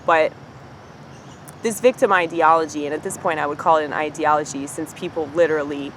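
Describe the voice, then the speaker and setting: Standing near a street with passing trash pickup, a woman vlogs a ranting monologue to camera, arrogant and combative, cursing freely and laughing at herself. Her deep voice has fairly even intonation and goes a little fast, with a little hiss or hum on a rough recording.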